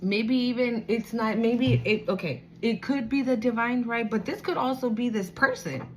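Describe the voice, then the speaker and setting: A woman's voice: fairly high pitch, normal speed, a little hiss or hum. Blunt, profane woman reading cards. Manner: blunt, profane, streetwise, emotional. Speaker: tarot reader. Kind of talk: casual spiritual reading.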